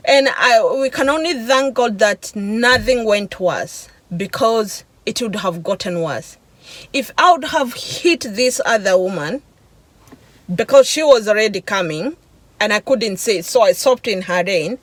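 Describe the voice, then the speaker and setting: A woman vlogger telling an emotional personal testimony, halting and searching for words, with sighs and restarts. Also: on the high side, fairly bright tone, dry recording, low-quality recording. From Africa.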